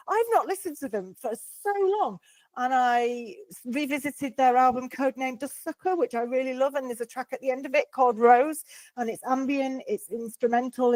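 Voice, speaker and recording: A woman's voice: a little high, dark tone, no echo, poor audio. A woman co-hosting a podcast in casual chat, chatty and self-mocking, laughing often. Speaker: podcast co-host.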